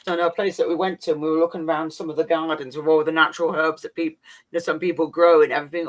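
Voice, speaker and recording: A woman's voice: low-pitched, flat delivery, rapid-fire. A woman hosting a casual livestream, rambling and teasing as she chats. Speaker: livestream host. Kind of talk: casual chat.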